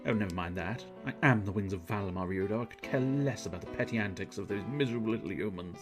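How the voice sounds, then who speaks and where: A man's voice: fairly low pitch, quick pace, lightly acted. A man voicing a haughty, scornful winged woman from a video game, dismissive in tone. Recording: game music underneath.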